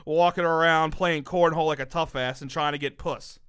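Man, casual podcast chat, profane rants, sharp forceful tone, slightly high voice. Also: fairly even intonation, a little fast, clear, resonant tone, no room sound, clean studio sound. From United States. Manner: profane, blunt, ranting. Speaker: podcast co-host.

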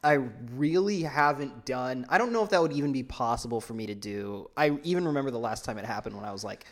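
Animated young man, podcast chat. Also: medium pitch, fast. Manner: animated, swears, rambling fillers. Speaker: podcast co-host. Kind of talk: casual chat.

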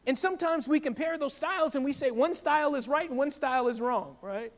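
High-voiced preacher. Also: male voice, fast, few pauses, in a large hall. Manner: animated, conversational, keeps asking "right?". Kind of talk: sermon. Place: church sanctuary.

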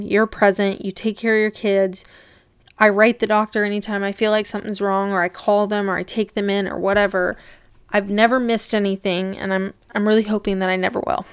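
A woman's voice: mid-range voice, smooth, no echo, studio quality. A young woman hosting a podcast, telling a personal story in a candid, rambling way. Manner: candid, rambling, uses "like" a lot. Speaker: podcast host.

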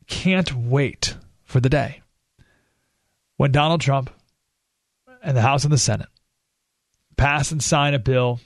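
A man's voice: medium pitch, creaky, no room sound, studio quality. A man hosting a political talk radio show, speaking emphatically and sarcastically. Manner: emphatic, sarcastic, with short laughs.

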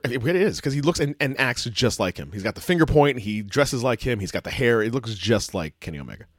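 A man co-hosting a casual chat show, excitable and halting, full of fillers and restarts. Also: mid-range voice, no echo, clean studio sound. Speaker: podcast co-host.

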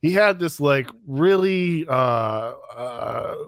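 A man on a podcast telling a story in a halting way, searching for words. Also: a little high, animated, no room sound, studio quality. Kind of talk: casual podcast chat.

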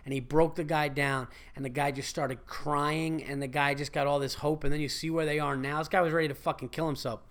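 A man hosting his podcast, a stand-up comedian talking in a casual, animated and profane monologue that rambles. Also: fairly high pitch, a little fast, hardly any pauses.

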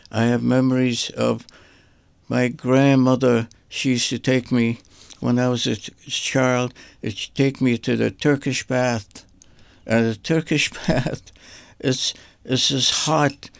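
An older man speaks with a gravelly, rough edge and a flat, even delivery. He recalls his life in a halting, meandering way, often repeating a word before moving on. The recording is dry and close. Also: mid-range voice, no room sound. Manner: halting, repeats words while searching for them. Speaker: artist guest. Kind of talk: rambling personal reminiscence.

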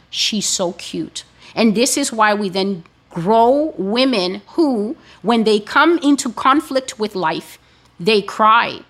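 A woman giving a sermon-style teaching, speaking in a slow, emphatic and deliberate way. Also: medium pitch. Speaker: preacher.

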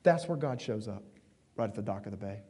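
A man preaching a sermon in a conversational, emphatic way, dropping suddenly quiet at moments. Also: lowish voice, animated, fairly quick, husky, in a large hall. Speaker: pastor.

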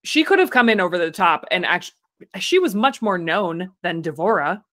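A woman's voice: on the low side, animated, normal speed, a bit bright. A woman co-hosting a podcast, chatting and laughing as she recaps a reality show from her notes. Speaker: podcast co-host.

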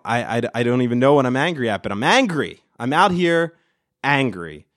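A middle-aged man hosting a solo podcast, ranting with lots of swearing and breaking into loud screams. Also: a little high, no echo, clean studio sound. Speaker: podcast host. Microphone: studio mic.

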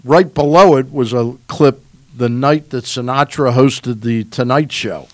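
A man's voice: mid-range voice, measured pace, no room sound. A man hosting sports talk radio from a studio, a chatty storyteller who laughs along as he talks. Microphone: studio mic.

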